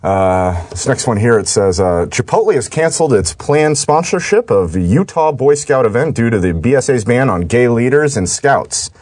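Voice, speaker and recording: A man's voice: mid-range voice, lively intonation, normal speed, few pauses, a little mellow. A man co-hosting a comedy podcast, reluctantly reading out jokes with hesitant uhs. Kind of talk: casual comedy podcast banter.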